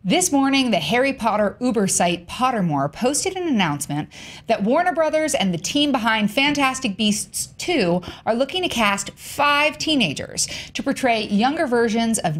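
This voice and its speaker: Bubbly high-ish woman hosting pop culture news, bouncy and jokey. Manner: playful, animated, jokey. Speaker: news show host. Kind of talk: casual entertainment news chat.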